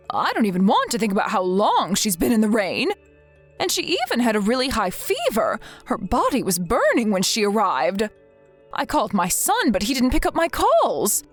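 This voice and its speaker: A woman reading the messages of a worried, stern grandmother in a text-message story, with soft music behind her. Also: a little high. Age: older. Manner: firm, scolding.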